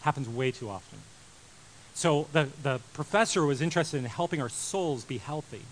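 A man in his thirties preaching a sermon, animated, moving from loud emphasis to quiet intensity. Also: a little high, moderate pace, slight background noise, low-quality recording. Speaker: pastor.

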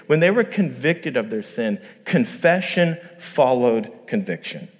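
A man's voice: mid-range voice, very animated, moderate pace, hardly any pauses. A male pastor giving a conversational sermon, acting out quoted voices and rising to emphatic peaks. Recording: long hall reverb.

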